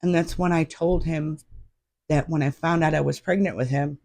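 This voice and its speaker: A middle-aged woman, a podcast guest, telling a personal story in an animated, emphatic way. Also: low-pitched, moderate pace, creaky, no echo.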